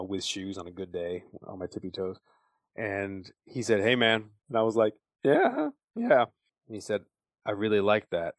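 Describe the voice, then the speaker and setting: A middle-aged man hosting a podcast, telling a personal story in an earnest, animated way with frequent fillers. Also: on the low side, dry recording. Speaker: podcast host.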